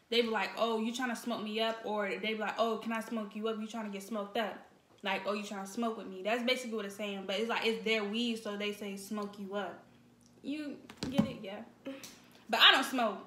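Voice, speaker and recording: Young woman, laid-back slang explainer, fairly high voice, echoey kitchen. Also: a bit bright. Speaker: co-host. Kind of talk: casual chat. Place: home kitchen.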